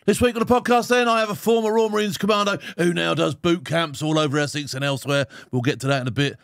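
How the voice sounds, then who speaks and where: Quick, matey podcast host. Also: male voice, fairly high pitch, vocal fry, fairly bright tone, smooth, dry recording, clean studio sound. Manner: matey, laughs often, chatty. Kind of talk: casual podcast interview.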